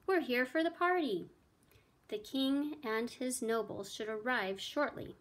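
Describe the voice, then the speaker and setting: A woman's voice: a little high, measured pace, a bit bright. A woman reading aloud, voicing a friendly male caravan leader in a storybook. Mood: cheerful. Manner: calling out cheerfully.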